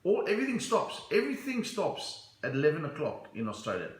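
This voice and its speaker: A man's voice: a little high, huge pitch swings, a little fast, roomy sound, poor audio. A middle-aged South African man with a South African accent, chatting on a live stream, reading viewer comments and telling stories. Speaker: stand-up comedian. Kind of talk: live-stream comedy chat.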